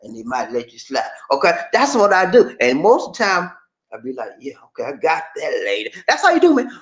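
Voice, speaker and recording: A man giving casual money advice in an animated way, laughing often and acting out phone calls. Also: high voice, brisk, reverberant, rough recording. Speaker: personal finance vlogger.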